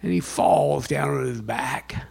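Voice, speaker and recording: A man giving a sermon as a chaplain, with dramatic storytelling, sudden loud bursts and hushed whispers. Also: mid-range voice, slow, gravelly, breathy edge.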